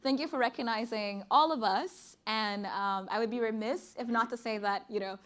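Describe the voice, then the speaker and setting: Young woman from Sudan, poet and speaker at a conference, emphatic and rhythmic, voice on the higher side. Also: normal speed, fairly bright tone. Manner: earnest, emphatic, rhythmic delivery. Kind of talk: conference speech and spoken-word poetry. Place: conference stage before an audience.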